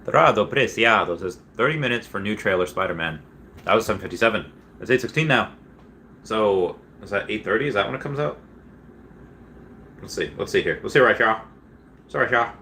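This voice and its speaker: A man's voice: lowish voice, lively intonation, a little fast, long pauses, pushed and bright, slight background noise. A young man casually chatting on a livestream, rambling with many fillers as he reads chat messages and reacts. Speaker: streamer reading chat.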